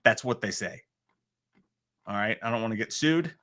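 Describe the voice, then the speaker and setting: A man in his thirties hosting a livestream alone and reading out viewer comments in a rambling, self-mocking way, swinging from loud outbursts to quiet asides. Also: lowish voice, animated, normal speed. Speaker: livestream host.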